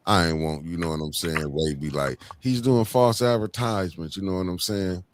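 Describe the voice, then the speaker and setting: A deep-voiced man hosts a casual livestream chat. He talks in loose slang and greets his viewers one by one by name. His tone stays low and easygoing. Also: fairly even intonation, a little fast. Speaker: livestream host.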